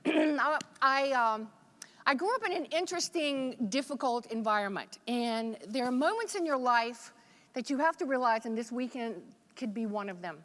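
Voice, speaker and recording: A woman's voice: fairly high pitch, a bit bright. A woman from Virginia giving a motivational keynote speech at a conference, telling folksy, joking stories. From Virginia, USA. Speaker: motivational speaker. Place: large conference hall. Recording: echoey conference hall.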